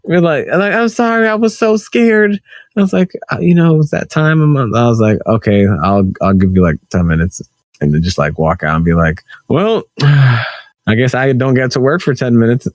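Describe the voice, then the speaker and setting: A man's voice: brisk, no echo, clean studio sound. A man co-hosting a casual podcast, telling stories and acting out other people's lines. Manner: animated storytelling, acts out quotes with high squeals. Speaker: podcast co-host. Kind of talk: casual argumentative chat.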